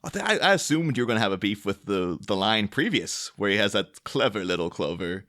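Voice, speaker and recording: Chatty bright-voiced man, laughing often. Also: fairly low pitch, animated, a little fast. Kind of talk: casual podcast chat.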